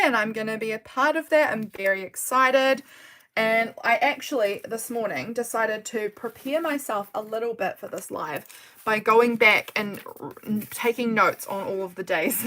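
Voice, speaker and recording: A woman's voice: mid-range voice, pushed and bright. Chatty woman crafting on a livestream. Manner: chatty and rambling, often laughing, apologetic. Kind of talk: casual live chat while crafting. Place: home craft desk.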